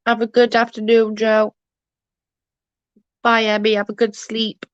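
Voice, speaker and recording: A woman's voice: a little high, monotone, measured pace, clean tone, dry recording. A woman with an English accent chatting casually on a livestream, blunt and sweary as she answers comments. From England. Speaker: livestream host. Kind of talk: casual live chat reading comments. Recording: dull dry lo-fi stream audio.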